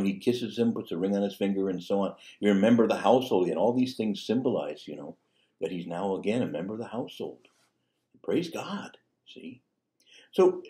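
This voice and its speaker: A priest teaches a parable in a conversational sermon style, full of rhetorical questions and asides, sprinkling in "you know" and "see?". His voice is lowish and mellow.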